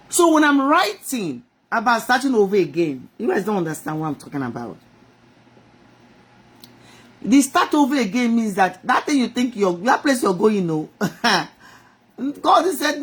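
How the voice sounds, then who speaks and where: A woman's voice: medium pitch, big pitch swings, moderate pace, breathy edge. A middle-aged woman, giving an impassioned inspirational talk on a live stream, speaking straight to God and to her audience. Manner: impassioned, swinging between soft and loud; rhetorical, talks to God and the audience.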